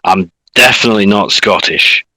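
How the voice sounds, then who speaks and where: A man's voice: lowish voice, normal speed, pushed and bright, no room sound, low-quality recording. A man from southern England with a slightly posh southern English accent, chatting casually as an interview guest and laughing often. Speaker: TikTok creator guest.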